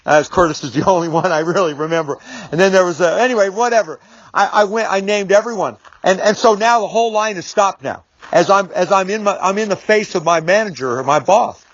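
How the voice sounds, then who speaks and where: A middle-aged man with a high voice for his sex tells a personal story to camera in a casual, rambling way, restarting sentences and swearing mildly. He drives his points home with firm repetition. The recording sounds dull and lo-fi. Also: a little fast. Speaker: business speaker. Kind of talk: storytelling video monologue.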